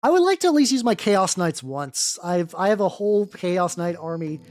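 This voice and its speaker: A hobby streamer talks with viewers while painting miniatures, wandering from thought to thought with lots of false starts and casual swearing. The voice sits at a middling pitch but swings widely as they chat. Soft music plays quietly underneath. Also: big pitch swings, moderate pace, no room sound. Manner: rambling, restarts often, swears casually, greets chat viewers.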